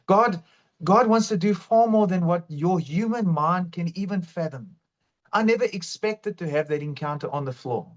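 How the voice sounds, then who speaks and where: Earnest man, high voice. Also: expressive, normal speed. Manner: earnest, fervent storytelling. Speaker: guest sharing testimony. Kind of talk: emotional faith testimony. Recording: dull lo-fi sound.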